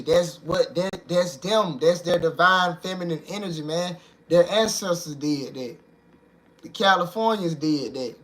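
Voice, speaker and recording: A young man hosting his own channel, talking straight to viewers in an animated, slangy monologue and leaning on "bro" and "man". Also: high-pitched. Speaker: video host.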